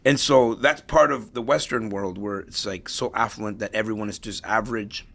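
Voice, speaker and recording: A man's voice: fairly low pitch, steady tone, normal speed, vocal fry, fairly bright tone. A middle-aged man speaking as an interview guest, telling stories casually and tagging his points with "right?". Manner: storytelling, tags points with "right?". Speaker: interview guest, real estate investor.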